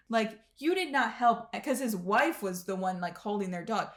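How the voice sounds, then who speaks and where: Young midwestern woman, podcast co-host, animated storyteller, mid pitch. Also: moderate pace, few pauses. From American Midwest. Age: 20s. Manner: animated storyteller, acts out quotes, many "like"s. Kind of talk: casual storytelling chat.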